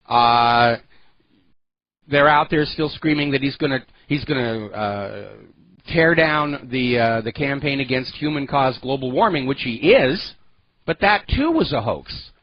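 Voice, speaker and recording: A man's voice: mid-range voice, lively intonation, measured pace, dull audio, slight background noise. Sarcastic male talk radio host. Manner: opinionated, sarcastic, emphatic. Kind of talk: political talk radio monologue.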